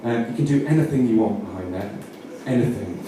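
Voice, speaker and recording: On the low side and brisk, a male comedian's Yorkshire-accented voice offers rambling, mock-earnest comic instructions, correcting himself mid-sentence again and again. The recording has roomy echo, a distant mic, and faint noise.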